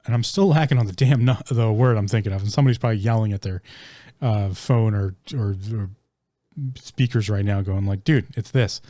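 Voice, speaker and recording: A man's voice: fairly low pitch, brisk, warm tone, dry recording, studio quality. A man hosting a solo podcast, rambling with many ums and restarts, casually swearing as he searches for words. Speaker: podcast host.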